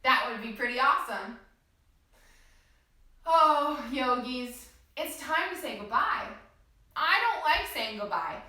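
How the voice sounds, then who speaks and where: A woman teaching a children's yoga class, guiding gently and encouragingly with slow, soothing instructions. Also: sits high, distant mic. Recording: echoey room, voice from off-mic.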